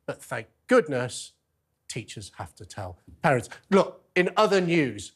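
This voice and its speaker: A man's voice: mid-range voice, very animated, unhurried, slightly rough. A middle-aged man with a Lancashire accent, hosting a TV debate show with playful, theatrical outrage. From Lancashire, England. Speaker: host.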